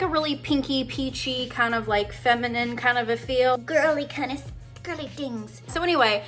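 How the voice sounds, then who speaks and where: A woman's voice: mid-range voice, a bit bright. A woman in her late twenties chatting casually through her makeup routine, bubbly and rambling with lots of fillers and asides. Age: late 20s. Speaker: beauty vlogger. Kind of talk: casual get-ready-with-me chat.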